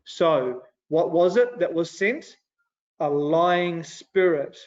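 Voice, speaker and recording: A man teaching an adult Sunday school class in a casual, animated way, retelling scripture conversationally. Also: a little high, takes it slowly. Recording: dull lo-fi recording.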